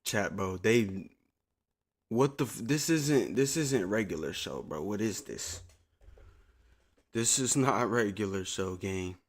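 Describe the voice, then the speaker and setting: A man's voice: fairly low pitch, lively intonation, takes it slowly, pauses often. Profane, rambling male streamer. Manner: profane, rambling, laid-back. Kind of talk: casual live-stream chat.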